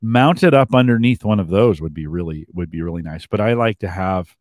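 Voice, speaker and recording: Lively low-voiced American podcast host. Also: male voice, a little fast, no echo, clean studio sound. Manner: chatty, laughs easily, tries out accents in passing. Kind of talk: casual podcast chat.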